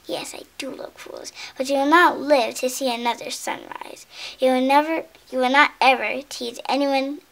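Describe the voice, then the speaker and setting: A woman voicing a big, grumpy male bear in a storybook reading, speaking in a slow, menacing way. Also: high-pitched, fairly even intonation, gravelly, fairly bright tone.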